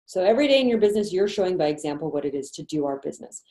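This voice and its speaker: A woman's voice: on the low side, lively intonation, warm tone, reverberant. A woman sales manager leading an online training meeting in a chatty, encouraging way over a video call. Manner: chatty, encouraging, quick asides and laughs.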